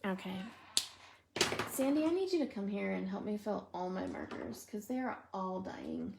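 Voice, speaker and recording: A woman's voice: medium pitch, animated, moderate pace, vocal fry, noisy background. A woman hosting a live stream, telling funny stories and chatting casually with viewers by name while she colors. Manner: chatty, giggly storyteller, replying to viewers by name.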